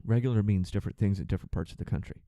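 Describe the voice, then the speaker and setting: A man hosting a podcast, ranting sarcastically and with profanity about his passengers as a flight attendant, acting out their lines in quick put-on voices. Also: fairly low pitch, mellow, dry recording, highs cut off. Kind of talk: ranting monologue.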